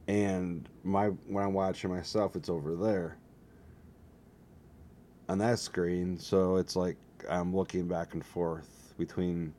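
Slightly hoarse man rambling to his webcam. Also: low-pitched, level tone, slow, dark tone, a little hiss or hum. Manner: self-mocking, jokey, drifts between topics. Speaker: solo vlogger. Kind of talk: rambling casual monologue to camera. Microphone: desk setup facing a webcam.

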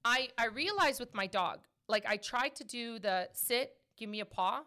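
A woman in her thirties hosting a podcast, answering questions in a chatty, animated way. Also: fairly high pitch, moderate pace. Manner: chatty, animated, laughs often. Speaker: podcast host. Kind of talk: casual podcast Q&A chat.

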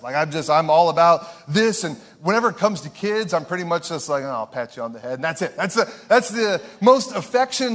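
A man's voice: sits high, fairly bright tone. A male pastor from Ohio preaching a sermon in an earnest, emphatic way, repeating his key phrases.

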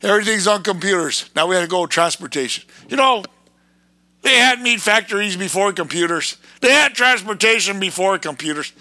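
A man ranting in a fiery, erratic preaching monologue, breaking into sudden shouted bursts. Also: sits high, lively intonation, a little fast, no room sound.

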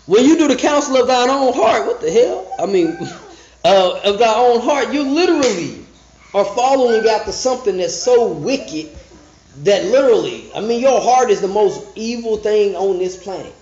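A man teaching scripture casually on a podcast, reading verses slowly and breaking into restarts and asides. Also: sits high, animated, darkish tone. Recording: dull, echoey room recording.

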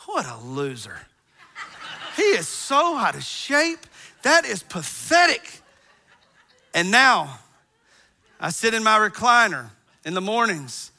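A middle-aged pastor preaches a sermon in an animated, storytelling style. His high, very bright voice cuts right through, and he acts out groans and sighs to bring his stories to life.

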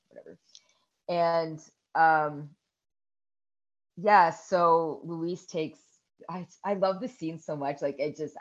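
A woman in her thirties co-hosting a podcast, casually retelling a movie scene by scene, swearing and shrieking the characters' yells. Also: on the low side, highs cut off. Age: 30s. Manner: animated storytelling with loud shrieks and swearing. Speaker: podcast co-host. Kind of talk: casual chat recapping a movie.

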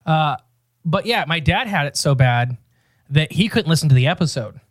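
A man's voice: on the high side, lively intonation, moderate pace, dry recording, studio quality. A man co-hosting a podcast, rambling and joking in casual banter. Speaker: podcast co-host.

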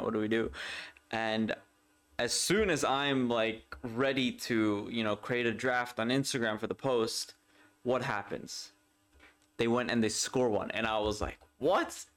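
A young man hosting a solo football podcast in casual talk, excitable and rambling, often repeating himself and laughing. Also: mid-range voice.

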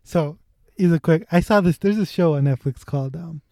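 Mellow-voiced guy chatting about movies. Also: a little high, fairly quick, no room sound, studio quality. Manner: laid-back, joking, swears casually. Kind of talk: casual chat about movies.

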